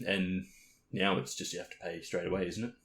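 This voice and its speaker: Deep-voiced and a bit bright, a young podcast co-host talks fairly quickly with a flat delivery. He tells stories casually, laughing, swearing, and playing out the other characters, with roomy echo and faint background noise.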